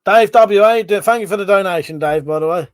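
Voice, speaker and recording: With a high voice and a slightly fast pace, a man hosts a casual livestream, chatting, cursing freely, and reading out viewers' comments. The recording is dry.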